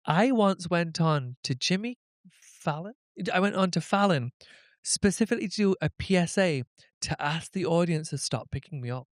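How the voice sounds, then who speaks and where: A middle-aged man chatting as a podcast guest, animated and fond of acting out the voices in his stories. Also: on the high side, moderate pace, dry recording, studio quality. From Britain. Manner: animated storyteller, acts out quoted voices. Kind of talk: casual chat.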